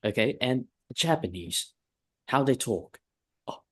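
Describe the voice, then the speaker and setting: Male English tutor, lower voice, emphatic and repetitive coaching, frequent check-ins. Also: measured pace, pauses often, a little mellow. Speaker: English teacher. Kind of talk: one-on-one lesson feedback.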